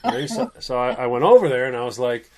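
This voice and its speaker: A man's voice: medium pitch, quick pace. A man telling a funny story in casual chat, stammering and laughing as he goes. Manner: animated, laughs often and stammers.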